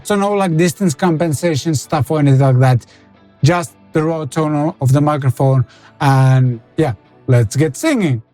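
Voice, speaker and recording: Playful man in a high voice. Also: warm tone. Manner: playful, rambling, self-mocking. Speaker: gear reviewer. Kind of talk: casual product demo chat. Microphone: studio condenser mic.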